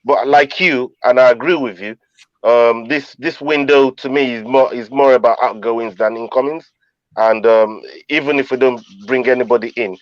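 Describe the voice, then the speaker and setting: A man sharing football opinions on a podcast in a slow, measured way that often restarts mid-sentence. His voice comes through a dull, muffled mic with no room sound at all. He sits at a middle pitch. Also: no echo. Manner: measured, hesitant, many restarts. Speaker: podcast panelist. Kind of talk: casual football chat.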